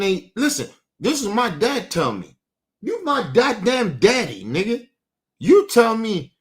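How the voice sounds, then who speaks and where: A young man, ranting emotionally and profanely on a live stream, dropping low and quiet, then bursting out loud. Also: very animated, unhurried.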